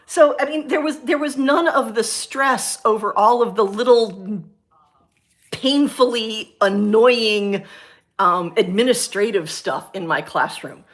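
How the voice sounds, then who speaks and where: A middle-aged woman, a former science teacher, chatting on her livestream and telling a story from her school days in an animated, ranting way. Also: slow pace. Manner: animated, ranting storyteller with big pitch jumps. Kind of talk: casual chat on a livestream.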